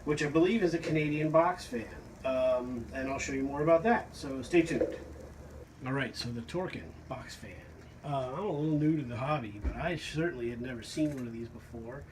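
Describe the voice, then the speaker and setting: A man's voice: mid-range voice, brisk, a little mellow, a little hiss or hum, poor audio. A man casually describing a vintage fan he collected, talking in a rambling, hesitant way with frequent fillers. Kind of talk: casual show-and-tell narration. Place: porch at home.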